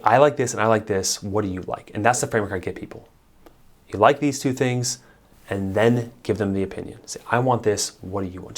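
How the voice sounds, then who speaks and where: A man, a marriage therapist, giving blunt, emphatic advice straight to camera with casual swearing. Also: on the low side. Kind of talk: direct-to-camera advice talk.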